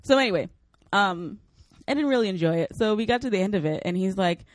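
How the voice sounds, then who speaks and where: A woman's voice: medium pitch, expressive, fast, dry recording. A young adult woman co-hosting a podcast, telling a story in casual chat, laughing often and animatedly quoting others. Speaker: podcast co-host. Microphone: studio microphone.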